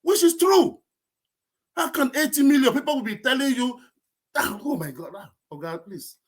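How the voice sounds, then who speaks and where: High-pitched nigerian guy, emphatic and fed up, chatting politics online. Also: animated, moderate pace, breathy edge. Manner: exasperated, emphatic, mixes Nigerian Pidgin. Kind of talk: casual political discussion.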